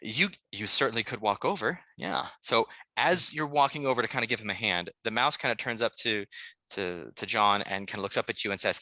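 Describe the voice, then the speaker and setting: A man's voice: on the low side, fairly quick, sharp tone, no echo, studio quality. A man running a tabletop game as game master, talking in a loose, rambling way with many fillers.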